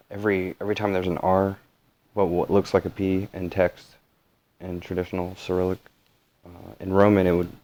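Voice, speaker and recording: Speaking in a low, dark-toned voice, this male channel host wanders through a casual vlog, full of fillers and self-corrections. The recording is rough.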